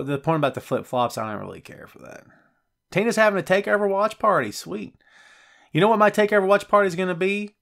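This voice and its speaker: A middle-aged man hosting a live show and reading viewer comments out loud. He talks in a loose, chatty way and gets excited easily. His pitch sits in the middle range for a man, and he fills his speech with ums and false starts. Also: creaky. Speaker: wrestling podcast host.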